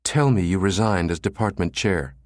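A man's voice: deep voice, lively intonation, moderate pace, darkish tone, no room sound, clean studio sound. A man voicing a witty, teasing woman in an audiobook, lifting his voice a little for her. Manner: teasing, playful. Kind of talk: audiobook character reading.

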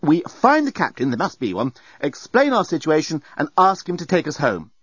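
A man voicing a firm, level-headed woman in an audiobook, brisk in manner, on a dry, slightly dull recording. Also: high voice, wildly swooping pitch, slightly rough, no echo, voice pushed up, exaggerated voice. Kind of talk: audiobook character voice.

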